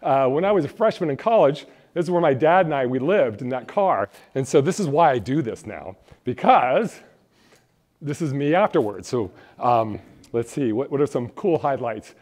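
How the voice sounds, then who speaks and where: A man's voice: medium pitch, expressive, moderate pace, darkish tone. Jokey man presenting a live workshop. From Phoenix, Arizona. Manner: jokey, rambling, chats with the audience. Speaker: college financial aid presenter. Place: event room with a live audience. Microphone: handheld or stand mic.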